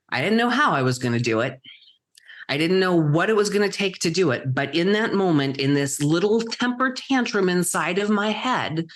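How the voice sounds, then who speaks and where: A middle-aged woman, a guest entrepreneur, telling her story in vivid present tense with dramatic pauses. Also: low voice. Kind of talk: storytelling interview answer.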